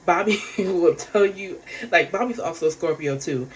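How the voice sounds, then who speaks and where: A woman's voice: lowish voice, moderate pace. A woman giving a casual, rambling recap of a reality show, frank and profane, full of fillers.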